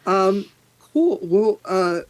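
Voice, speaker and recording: A man narrating as game master of a tabletop game, relaxed and rambling with many fillers. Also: sits high, drawn-out words, a little hiss or hum.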